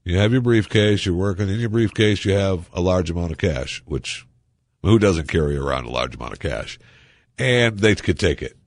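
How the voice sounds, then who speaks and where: A man's voice: low-pitched, expressive, moderate pace, no echo, studio quality. A man hosting a talk radio show, delivering a rambling, exasperated monologue full of asides.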